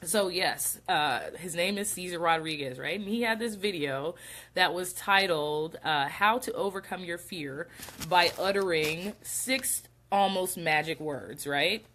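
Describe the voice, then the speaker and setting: A woman's voice: lowish voice, measured pace, fairly bright tone. A young adult woman hosting a casual livestream for her real estate business, sounding congested and short of breath as she chats and greets viewers. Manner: chatty, greets viewers mid-sentence. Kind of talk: casual live-stream talk.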